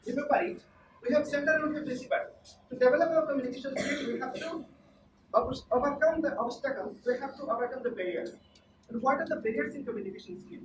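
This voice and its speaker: High-voiced woman lecturing. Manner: repeats points and quizzes the class. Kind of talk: classroom lecture. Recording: echoey room, far from the mic, noisy.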